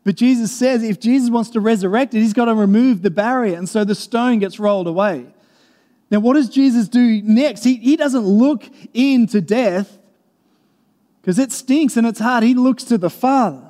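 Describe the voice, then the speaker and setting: A man's voice: high voice, normal speed, mellow. A man preaching a sermon in an earnest, conversational way, repeating and restarting phrases as he reads and explains scripture. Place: church. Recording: long reverb of a large hall.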